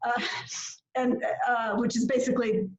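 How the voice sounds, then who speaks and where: A woman's voice: fairly high pitch, level tone, moderate pace. A woman from Minnesota, a filmmaker guest, chatting casually with lots of fillers and laughter. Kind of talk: casual interview chat. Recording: echoey lo-fi video call audio.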